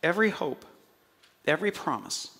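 A male pastor preaching a sermon, telling the story with animated energy and jokey asides. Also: on the high side, normal speed, husky.

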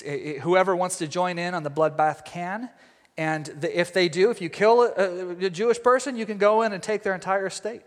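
High-voiced guy preaching, joking around while telling the story, big echoey hall. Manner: lively, jokey storytelling. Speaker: pastor. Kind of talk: sermon.

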